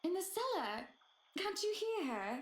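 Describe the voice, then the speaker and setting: A woman's voice: very high-pitched, very animated, a little slow, pitched above the performer's own voice, full character voice. A woman voicing a prim young lady of the house, speaking in a coaxing, polite manner. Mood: unsettled. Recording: echoey room with loud hiss.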